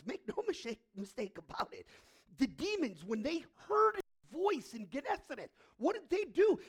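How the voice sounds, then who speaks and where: A man preaching a sermon as pastor, dropping to hushed asides and rising to loud, drawn-out declarations. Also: very high-pitched, husky.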